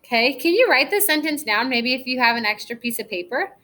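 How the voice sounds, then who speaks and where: A young woman teacher giving a recorded reading lesson to first graders, slow and encouraging, stretching words out for small children. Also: high-pitched, animated, pushed and bright, poor audio.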